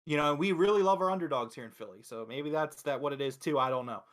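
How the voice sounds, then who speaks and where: A man from Philadelphia hosting a casual wrestling review show, talking excitedly and emphatically with frequent swearing. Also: fairly high pitch, quick pace. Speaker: host.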